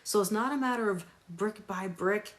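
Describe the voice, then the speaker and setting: A woman's voice: mid-range voice, moderate pace. A woman tarot reader on a live stream, talking emphatically, repeating phrases for stress and greeting viewers by name.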